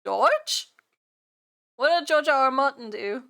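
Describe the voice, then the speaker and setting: A woman streamer chatting during a live reaction stream, exasperated and repeating her own phrases out loud. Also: high voice, animated, slow.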